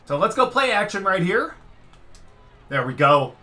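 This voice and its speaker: Male game commentator, higher-pitched, excitable, yells at plays. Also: unhurried. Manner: excitable, swings from muttering to shouting at the quarterback. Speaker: gaming commentator. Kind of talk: live gameplay commentary.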